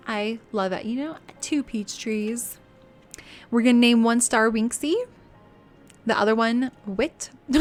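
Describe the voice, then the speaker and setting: A woman game streamer chatting casually and giggling with her viewers while she builds in a game. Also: a little high.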